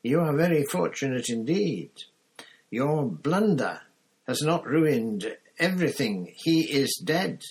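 A man voicing a cruel male dark lord with a cold, high, menacing voice, reading from an audiobook. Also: sing-song, husky, full character voice. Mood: cold triumph. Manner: icy, menacing, drawn-out.

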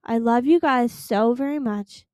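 Teen girl, podcast host, casual solo chat, earnest and pleading, fairly high voice, dry close sound. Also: a little slow, darkish tone, no echo.

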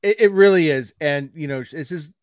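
A man in his forties chats on a podcast in a slightly high voice. He is excitable and playful and laughs often. The recording is dry and close. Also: normal speed, no room sound. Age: 40s. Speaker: podcast co-host. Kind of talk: casual podcast chat.

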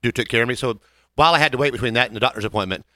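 A man's voice: medium pitch, rapid-fire, pushed and bright, no echo. A man hosting a podcast in a studio, telling crude, joking stories in casual chat. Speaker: podcast host.

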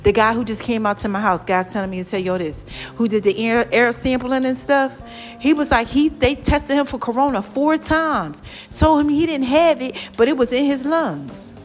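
A woman vlogger giving lively, preachy motivational talk straight to her viewers. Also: on the high side, normal speed, soft background music. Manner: lively and preachy, calls viewers "child" and "y'all".

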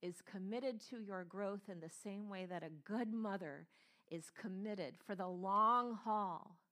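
A woman preaches with earnest emphasis. She repeats her key phrases and slows down on the words that matter most. Her voice sits at an ordinary, middle pitch for a woman. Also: sharp tone. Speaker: pastor, speaker. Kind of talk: sermon.

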